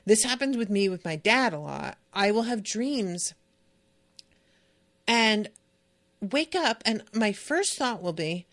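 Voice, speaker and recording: A woman's voice: medium pitch, expressive, slow pace, long pauses, fairly bright tone. A woman hosting a podcast, chatting casually about a book in a candid, emotional, rambling way, full of fillers. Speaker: podcast host. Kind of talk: casual book-discussion chat.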